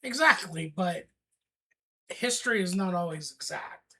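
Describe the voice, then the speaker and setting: A man co-hosting a casual history podcast, reading his script in a slow, halting way. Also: high-pitched, expressive, bright, forceful tone, husky. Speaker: co-host.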